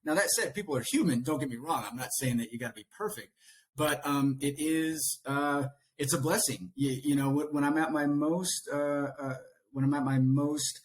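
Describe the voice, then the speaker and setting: A man who is a coach, a podcast guest, speaking earnestly and reflectively in casual conversation, often animated. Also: on the high side, moderate pace, a little hiss or hum.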